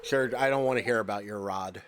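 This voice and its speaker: A man's voice: fairly low pitch, brisk, fairly bright tone, a little hiss or hum. A man streaming a farming game, chatting casually and rambling with lots of "like" fillers. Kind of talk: casual gameplay chat.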